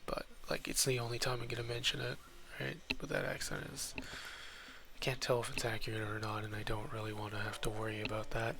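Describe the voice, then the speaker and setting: A man's voice: lowish voice, flat delivery, fairly quick, gravelly, background noise. A young man giving casual let's-play commentary at a desk mic, rambling and muttering asides as he plays. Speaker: gaming YouTuber.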